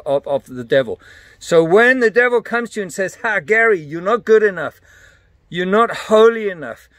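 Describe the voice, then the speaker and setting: A man's voice: on the high side, fairly bright tone, no room sound. A man preaching a Bible teaching in an earnest, emphatic way, breaking into short laughs between points.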